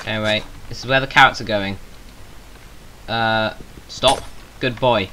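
Bright-voiced rambling English gamer guy. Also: fairly low pitch, steady tone, measured pace, pauses often, a little hiss or hum, poor audio. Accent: Southern English. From England. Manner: rambling, self-mocking, jokey asides. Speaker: gaming YouTuber. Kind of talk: rambling Minecraft gameplay commentary.

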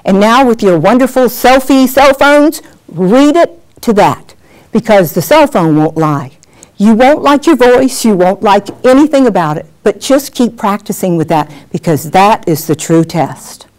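A middle-aged woman teaching a workshop on presenting on camera, animated and acting out examples as she talks. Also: mid-range voice, a little slow. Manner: lively, animated, acts out examples. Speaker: on-camera skills coach. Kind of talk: workshop lesson.

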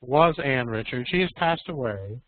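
A man teaching an online English class, explaining patiently and slowly and checking in with questions. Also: mid-range voice, animated, dry recording. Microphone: video call. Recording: tinny phone-like audio.

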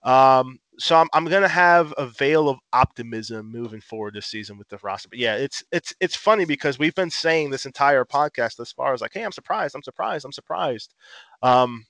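A man co-hosting a casual sports podcast, an animated, profane fan who rants. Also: medium pitch, moderate pace, hardly any pauses, no echo. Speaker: podcast co-host.

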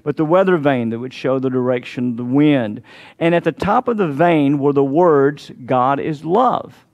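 A man preaching a sermon as pastor, fervent and emphatic, slowing down to stress key phrases. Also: mid-range voice, a little mellow, muffled recording. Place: church sanctuary.

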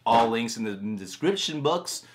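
A man's voice: mid-range voice, animated, unhurried. A man chatting casually and jokingly on a reaction show, laughing often. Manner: laughing, joking, self-deprecating. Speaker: sketch actor and reaction show regular.

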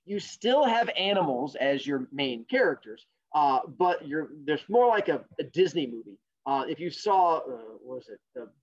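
A male teacher telling fables to an online class, jokey and animated, with sarcastic asides, in a dull lo-fi recording. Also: a little high. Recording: dull lo-fi sound.

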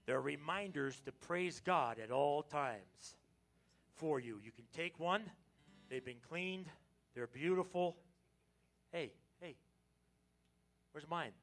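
Animated American pastor with a gravelly voice. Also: male voice, fairly high pitch, slow, long pauses, soft background music. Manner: animated, joking with the congregation, sudden loud exclamations. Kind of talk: lively Palm Sunday sermon. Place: church sanctuary.

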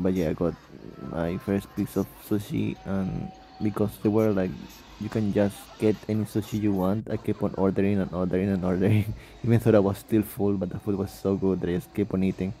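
A man's voice: deep voice, level tone, a little fast, mellow. A sleepy young man rambling through a casual travel vlog voice-over, laughing and correcting himself often. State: sleepy, just woke up. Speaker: vlogger.

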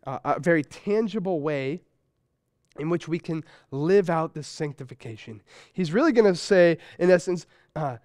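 High, clear-voiced male pastor preaching. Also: a little mellow, no echo, clean studio sound. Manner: conversational preaching with personal stories. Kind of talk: sermon. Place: church sanctuary.

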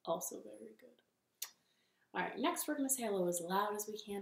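A young woman in her living room leading a children's storytime, speaking in a gentle, encouraging way. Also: mid-range voice, expressive, a little fast, gravelly. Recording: echoey home room with ukulele.

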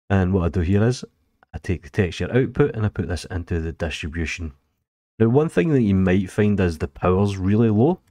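A Scottish man with a very deep, low voice hosts a screen-recorded software tutorial. He explains things casually, chatty and informal with a few fillers. The sound is close and dry, with no room around it. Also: no echo. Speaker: 3D tutorial host.

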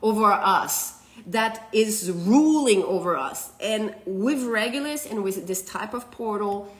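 A woman's voice: medium pitch, expressive, takes it slowly. A woman giving a live astrology and tarot reading to viewers. She laughs often, rambles loosely, and keeps checking in with "okay?". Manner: loose, rambling delivery with restarts.

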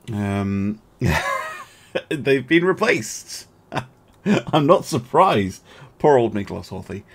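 A gaming video host with a lowish, husky voice and vocal fry offers casual, musing commentary on a naval strategy game. He chuckles often and pokes fun at himself.

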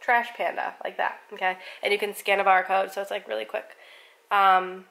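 A young woman from the United States chatting casually on her vlog, with lots of "like" and a quiet, almost whispered tone at times. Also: medium pitch, flat delivery, moderate pace, vocal fry, poor audio. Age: young adult. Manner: chatty, lots of "like", drops to a near whisper when tasting. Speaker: vlogger.

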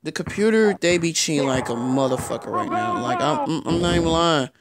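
Frustrated young man yelling at a game. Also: on the high side, big pitch swings, a little fast, a loud crowd. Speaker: gaming YouTuber. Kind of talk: live gameplay commentary.

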